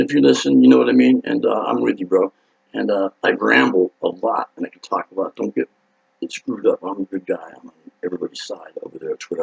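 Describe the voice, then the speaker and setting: A man with a low, gravelly, husky voice tells a rowdy story in a loose, rambling way. He swears freely and jumps into loud acted-out quotes. The sound is dull and lo-fi. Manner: excitable, profane, acts out quotes loudly. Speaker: rock singer telling a story.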